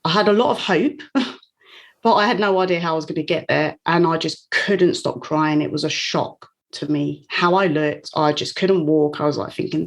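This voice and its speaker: A woman speaking as an interview guest, telling a personal story in a candid, open way. Her delivery is warm and unguarded, with soft laughs slipping in between phrases. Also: low voice, steady tone, normal speed. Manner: warm, open, frequent light laughs while recounting. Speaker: guest, coach.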